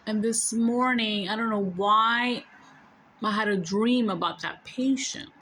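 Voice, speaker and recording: A woman with a New York accent and a bright, ringing voice that sits a little high for a woman. She talks straight to her viewers in a casual, emphatic way. She repeats her points, swears without holding back and keeps everything blunt. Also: measured pace, a little hiss or hum. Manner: emphatic, blunt, curses freely. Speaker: spiritual storyteller. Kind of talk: casual spiritual storytelling to viewers.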